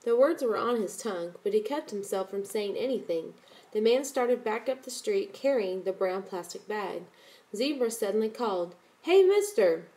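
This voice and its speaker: A woman reads a story aloud in a steady, measured audiobook style. Her voice sits at an ordinary middle pitch and keeps an even pace through the long descriptive passages. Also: poor audio. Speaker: narrator. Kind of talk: audiobook narration.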